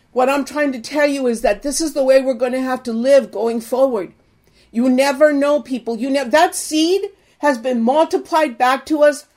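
A woman's voice: sits high, darkish tone. An older woman preaching, telling an earnest personal testimony and exhorting her listeners.

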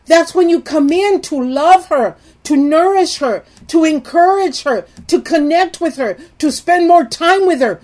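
A middle-aged woman giving an earnest talk on marriage and intimacy, pleading with her listeners, swinging from loud emphasis to soft hushed lines. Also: very high-pitched, measured pace, few pauses. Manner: earnest, pleading, addresses viewers as "people". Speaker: Christian marriage teacher. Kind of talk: earnest teaching talk to viewers.

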